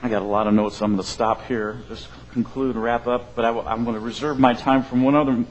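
A man's voice: medium pitch, steady tone, quick pace, hardly any pauses, poor audio. A male pastor delivering a sermon in a conversational, rambling way, often checking in with "right?".

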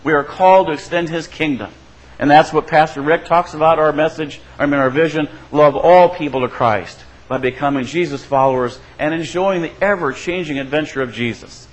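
A pastor preaches a sermon at a fairly quick pace, in a conversational style, often asking the congregation "right?" to check in. He acts out quoted voices by shifting his pitch and loudness. Audio quality is poor.

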